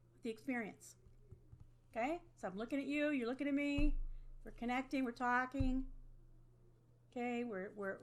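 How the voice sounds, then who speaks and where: Woman lecturer, online class, fairly high voice, conversational, talks to a webcam. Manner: conversational, checks in with "okay?". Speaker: teacher.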